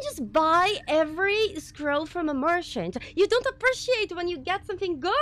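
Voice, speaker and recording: A woman streaming a game live, reacting excitedly, swearing, and thanking viewers in casual chat. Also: very high-pitched, moderate pace, few pauses, a little hiss or hum. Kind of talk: live gameplay commentary.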